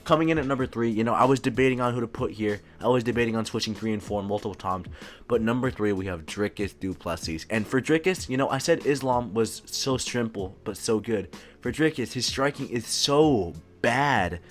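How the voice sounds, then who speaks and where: A man hosting his own channel gives casual commentary in an easygoing voice of middling pitch. He stumbles, repeats words and drops in "dude" often. Faint music runs behind him. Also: brisk. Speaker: MMA YouTube host. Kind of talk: casual commentary ranking fighters.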